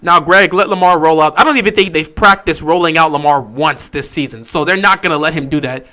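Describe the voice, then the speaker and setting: A high-pitched, bright-voiced man calls a football game live for his stream viewers. He talks in animated bursts and hammers the same point again and again. At times he drops into a flat, deflated mutter. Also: brisk. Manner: animated, repeats points insistently, swings from excited to flat and deflated. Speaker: fan livestream host. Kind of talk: live game watch-along commentary.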